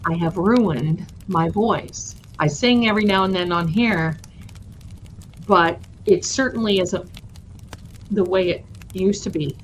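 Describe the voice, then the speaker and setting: A woman's voice: on the low side, slow, a little hiss or hum, poor audio. A woman hosting a casual livestream giveaway, chatty and affectionate with her viewers. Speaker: host of a tarot channel livestream.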